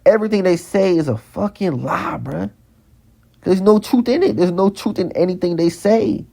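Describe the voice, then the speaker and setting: Speaking at normal speed in a high, creaky, mellow voice, a vlogger delivers a heated ranting monologue. He keeps repeating lines and stumbles into stammering restarts.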